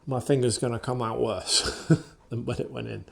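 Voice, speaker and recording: A man working as a dog trainer, speaking calmly and softly as he gently coaxes a wary dog, recorded on a camera mic indoors. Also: mid-range voice, unhurried, creaky, slightly rough. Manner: calm, soft-spoken, gently coaxing the dog. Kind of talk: casual running commentary during a dog session. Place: indoors, in a room with the dogs.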